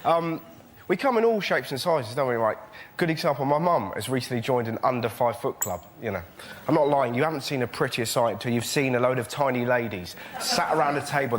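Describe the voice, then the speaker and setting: A young man doing a cheeky, animated stand-up routine as a panelist, with sudden yelps in his telling. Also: mid-range voice. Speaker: comedian panelist. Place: TV studio with live audience. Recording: loud studio audience laughter and noise.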